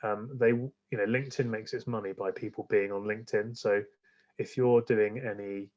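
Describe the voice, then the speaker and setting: A man's voice: fairly low pitch, steady tone, normal speed, darkish tone, highs cut off. A man, a guest on a podcast, chatting casually and rambling with many fillers and restarts. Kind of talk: casual interview chat.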